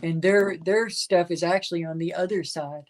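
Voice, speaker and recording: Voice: mid-range voice, steady tone, moderate pace. Wry co-host on a reaction stream. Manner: wry, teasing asides. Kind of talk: casual reaction commentary.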